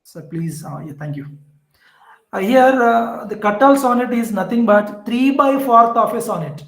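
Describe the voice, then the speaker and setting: A man with an Indian English accent teaching a poetry lesson, explaining slowly and repeating points with many fillers. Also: very high voice, lively intonation, vocal fry, fairly bright tone, echoey room, low-quality recording. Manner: slow, repetitive explaining with fillers. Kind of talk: classroom lecture on poetry.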